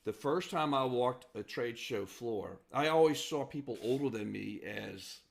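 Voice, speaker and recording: A man's voice: medium pitch, animated, vocal fry. A man hosting a podcast, talking earnestly and encouragingly about mentors. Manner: earnest, encouraging, quick backchannels. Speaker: podcast host. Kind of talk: casual podcast interview.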